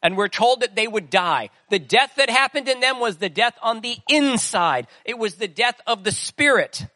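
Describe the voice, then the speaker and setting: A man's voice: very high-pitched, expressive, moderate pace, bright, forceful tone, dry recording. A man preaching a sermon in a conversational way, asking the listeners questions as he goes. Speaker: pastor.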